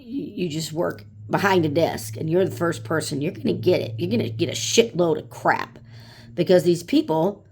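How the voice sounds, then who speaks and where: A woman in her late forties, a vlogger with a fairly low, slightly mellow voice, vents bluntly in a casual monologue. She swears freely and acts out angry customers in a raised voice.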